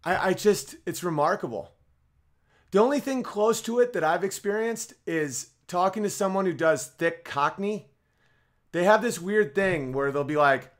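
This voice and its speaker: A man's voice: high-pitched, animated, normal speed. A man hosting a podcast livestream in a casual comedic monologue, rambling with stammered restarts and side jokes. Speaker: podcast host.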